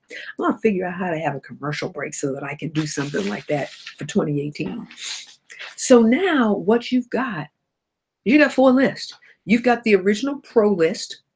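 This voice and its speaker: Woman with a cold, animated host. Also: on the low side, slight background noise. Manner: animated, laughs and self-corrects often. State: has a cold. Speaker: host of a self-help broadcast. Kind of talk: motivational talk to viewers.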